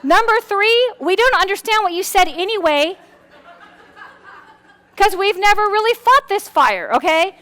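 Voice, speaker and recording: A very high-voiced woman leads a lively workshop on personality styles in front of a live audience. She talks quickly and acts out little scenes, her voice jumping up and down, and sometimes repeats a word as she restarts. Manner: animated, acts out quotes with big pitch swings.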